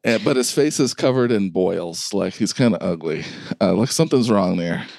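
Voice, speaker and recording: Lively, casual male game master. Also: fairly low pitch, normal speed, creaky, no room sound. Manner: loose, casual narration with fillers. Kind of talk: narrating a tabletop game.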